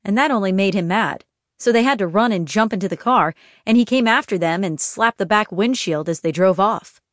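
A woman narrating an audiobook in a gentle, even storytelling manner. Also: medium pitch, fairly quick, dry recording, studio quality. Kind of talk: scripted narration.

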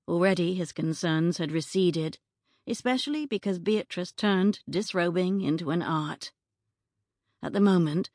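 A woman narrating an audiobook in a measured, even storytelling manner, recorded close on a studio mic. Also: fairly low pitch, no echo. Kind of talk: scripted narration.

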